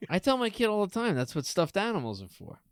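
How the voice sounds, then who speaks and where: A man's voice: high-pitched, wildly swooping pitch, fast, smooth, no echo. A man co-hosting a podcast, chatting casually in a teasing, playful way. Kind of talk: casual comedic chat.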